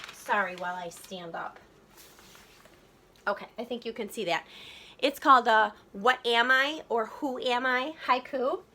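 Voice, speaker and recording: A woman teacher giving a recorded lesson, thinking aloud and slowly sounding out syllables. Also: on the high side, sharp tone.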